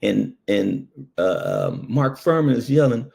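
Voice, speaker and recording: A man's voice: lowish voice, unhurried, creaky, hardly any pauses. A man and former ambulance worker telling a personal story in a casual way, full of fillers and asides. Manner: animated, lots of fillers.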